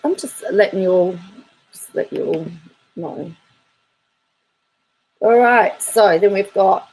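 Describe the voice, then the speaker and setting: A woman's voice: mid-range voice, slow pace, long pauses, darkish tone, low-quality recording. A woman YouTube commentator reading viewer comments aloud in a chatty, wry way, laughing between them.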